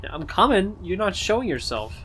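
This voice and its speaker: A gamer giving casual gameplay commentary on a blind playthrough, excitable, swearing often and talking back at enemies. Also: mid-range voice, normal speed, slight background noise. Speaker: gamer playing a shooter.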